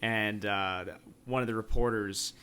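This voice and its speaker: A man's voice: fairly low pitch, fairly even intonation, measured pace, sharp tone, smooth. A man co-hosting a film podcast, joking casually with lots of fillers. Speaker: podcast co-host. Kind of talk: casual chat.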